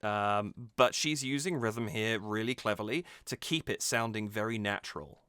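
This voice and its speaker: A man talks through a song's craft in a relaxed, analytical way, pausing and rephrasing as he thinks. His voice is bright and smooth. The recording is dry and close, with no room sound. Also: on the low side, no echo. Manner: thoughtful, restarts mid-sentence, analytical. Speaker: music reaction host. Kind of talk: casual music analysis.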